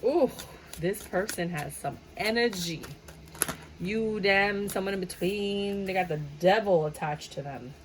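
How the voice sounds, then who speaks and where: A woman talks through a tarot spread in a loose, chatty way, playful and expressive, now and then mimicking voices. Her pitch sits in the middle range. A faint hiss of background noise runs under the recording. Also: a little slow. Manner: animated, playful, sings and mimics clients' voices. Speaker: tarot reader. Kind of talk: casual tarot reading.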